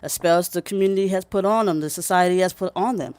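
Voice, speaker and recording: A woman's voice: fairly low pitch, quick pace, a little mellow. A woman talking straight to the camera, giving spiritual advice in a casual vlog. She is emphatic, preachy and blunt, swears freely, and keeps checking in with the listener. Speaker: spiritual reader.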